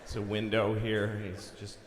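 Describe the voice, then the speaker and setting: A man's voice: on the low side, monotone, normal speed. A man from Boston doing a crude, blunt stand-up comedy set on stage in a large concert hall. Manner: blunt, crude, exasperated rants. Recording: live theater recording with audience noise.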